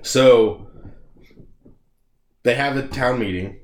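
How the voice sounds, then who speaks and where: A man's voice: medium pitch, slow. A man co-hosting a casual comedy podcast, acting out scenes in silly voices and laughing often. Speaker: podcast co-host. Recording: echoey room with background noise.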